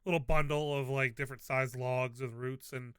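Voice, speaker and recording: A man in a tabletop game walking through his character's actions one step at a time. His voice is bright and crisp, recorded dry and close. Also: medium pitch, fairly even intonation, moderate pace, no room sound. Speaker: player. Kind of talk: casual tabletop role-play.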